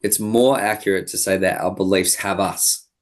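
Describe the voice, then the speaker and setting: A man, a high-performance coach, guest on a podcast interview, explaining ideas reflectively with many fillers. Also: steady tone, normal speed.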